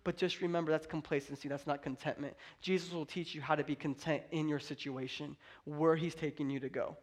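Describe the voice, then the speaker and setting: A man's voice: a little high, steady tone, brisk. A young man preaching a sermon as a pastor, speaking with fervent, emphatic energy and acting out scripture quotes.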